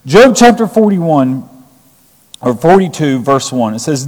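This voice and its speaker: A man's voice: fairly high pitch, sing-song, unhurried, darkish tone. A man preaching a sermon, retelling scripture and acting out the quoted lines with emphasis. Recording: long reverb of a large hall.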